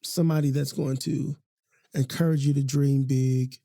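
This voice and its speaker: With a creaky, warm, mid-range voice that barely moves in pitch, a man hosts a podcast at a moderate pace in a studio with no room sound. He talks casually and passionately, with slang and frequent repetition, in a heartfelt way.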